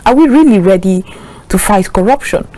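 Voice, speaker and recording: A woman's voice: medium pitch, animated, moderate pace, dark tone, poor audio. A woman with a Nigerian accent anchoring a news show, giving earnest, questioning commentary with frequent fillers.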